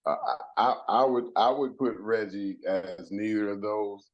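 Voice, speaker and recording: Deadpan slow-talking man. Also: lowish voice, dull audio. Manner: deadpan, drawn-out delivery. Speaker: podcast panelist. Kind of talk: casual podcast chat.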